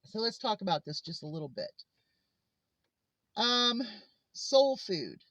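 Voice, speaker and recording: A woman's voice: medium pitch, very animated, slow pace, a bit bright, dry recording. A woman vlogger telling personal stories in a heartfelt, earnest way. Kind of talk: casual personal monologue. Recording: slightly muffled lo-fi recording.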